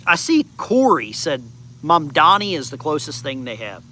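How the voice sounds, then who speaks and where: Bright-voiced man in his fifties, chatting outdoors. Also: on the high side, very animated, normal speed, a little hiss or hum. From United States. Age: 50s. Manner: rambling, conversational, answers viewer comments. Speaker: channel host. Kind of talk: casual backyard chat to live viewers. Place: outdoors in a backyard.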